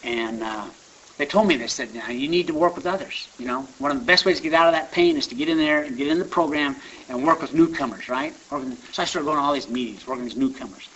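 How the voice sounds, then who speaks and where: A man's voice: on the high side, fast talker, fairly bright tone, husky. A man giving a rambling, conversational personal testimony at a recovery meeting. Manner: conversational, rambling with restarts and asides. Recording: dull lo-fi recording with faint hiss.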